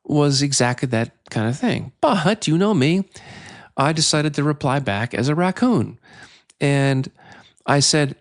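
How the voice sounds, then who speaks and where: Gravelly-voiced chatty man hosting. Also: mid-range voice, moderate pace. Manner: chatty, playful, storytelling with rising excitement. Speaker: podcast host. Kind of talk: casual solo podcast monologue.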